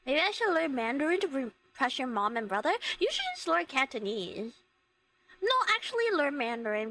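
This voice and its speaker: Bright, giggly young woman streamer. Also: high voice, no echo, rough recording. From Hong Kong. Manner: rambling, giggly storytelling with frequent fillers. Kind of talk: casual chat while gaming. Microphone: headset.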